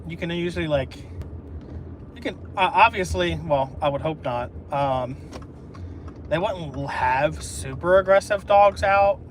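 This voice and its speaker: A man's voice: a little high, a little slow. Chatty man vlogging from his car. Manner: rambling, chatty, thinks aloud with fillers. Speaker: delivery driver vlogger. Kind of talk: casual talk to camera while driving. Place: in a car on rural roads. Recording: car recording with road noise.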